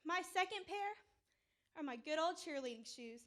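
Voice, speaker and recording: High-voiced peppy woman. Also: expressive, normal speed, a bit bright. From Texas. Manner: peppy, emphatic delivery. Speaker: 4-H council candidate. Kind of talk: prepared campaign speech.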